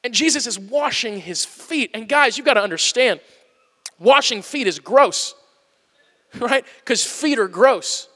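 A man in his thirties preaches with an animated, self-mocking humor and a very high, bright voice. His words carry a long reverb tail from a large church sanctuary. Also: a little slow. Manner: animated, joking and self-deprecating. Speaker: pastor. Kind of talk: humorous sermon.

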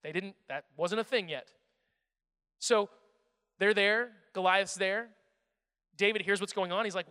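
A young man preaching a sermon, telling a story with energy and swinging between loud and hushed delivery. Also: high-pitched, a little slow, long pauses, clear, resonant tone. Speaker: pastor. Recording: echoey hall.

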